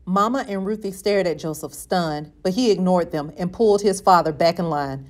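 A woman reading a novel aloud in a steady, measured way. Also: on the low side. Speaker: reader.

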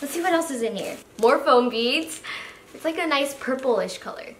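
A young woman hosting an excited unboxing vlog, gushing and gasping with lots of "like" fillers. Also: high-pitched, normal speed. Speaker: slime YouTuber host. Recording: echoey room with faint noise.

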